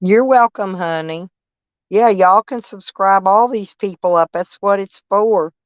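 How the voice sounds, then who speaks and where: A woman's voice: mid-range voice, measured pace, no room sound. An older woman with a drawl rambles through a casual live chat, folksy and blunt, swearing freely. She speaks from her camper over dull, lo-fi stream audio with a close, dry sound.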